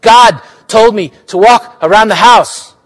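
A man reading aloud who voices a determined young girl, urgent and pleading, raising his voice high and loud in a live fiction reading. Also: a little slow, long reverb tail, natural voice.

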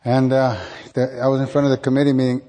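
A man's voice: medium pitch, completely flat delivery, fast, mellow, big-room sound. A man reading his own writing aloud to listeners, chatting plainly and with small restarts between passages. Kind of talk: live literary reading.

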